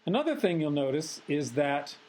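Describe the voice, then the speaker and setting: A man giving a recorded phonetics lecture in a measured, analytical way, pausing often on filler sounds. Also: on the high side, big pitch swings, a little mellow, slight background noise, low-quality recording.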